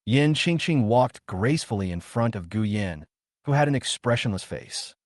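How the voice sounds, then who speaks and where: Lively-voiced man narrating a comic recap. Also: mid-range voice, normal speed, no room sound, clean studio sound. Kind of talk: scripted narration.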